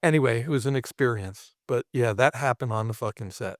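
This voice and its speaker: A man's voice: medium pitch, fairly quick, dry recording, clean studio sound. A man from Brooklyn telling a set story as a podcast guest, swearing freely and acting out the other people in it. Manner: profane, animated, acts out other people. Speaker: special effects artist guest. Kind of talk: casual storytelling.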